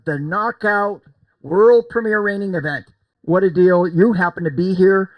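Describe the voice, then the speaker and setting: A man's voice: high voice, a little slow, lo-fi sound, over loud music. An older man emceeing a cornhole game at an event, joking and coaxing people along with lots of repetition. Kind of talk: lively crowd banter.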